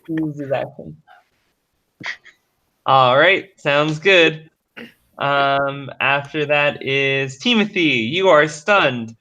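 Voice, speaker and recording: A man running a tabletop game as game master, unhurried and laughing often. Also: fairly high pitch, bright, forceful tone, dull audio.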